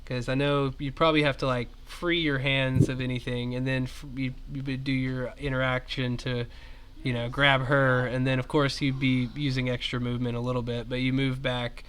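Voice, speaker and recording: Bright-voiced game master. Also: male voice, medium pitch, normal speed, smooth. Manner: relaxed, chatty with fillers. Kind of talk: narrating a tabletop game.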